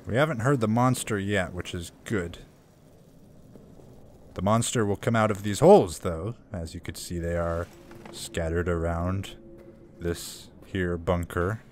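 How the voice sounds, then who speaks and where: A man's voice: low-pitched, measured pace, a little hiss or hum. A man casually commenting on a horror game he is playing, joking and reading in-game notes aloud. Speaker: let's play gamer. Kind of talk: gameplay commentary.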